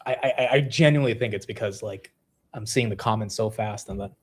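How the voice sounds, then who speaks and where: A young man hosting a casual livestream, laughing at himself and reacting quickly to the chat. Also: lowish voice, husky. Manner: animated, self-mocking, reacting to chat. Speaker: livestream host.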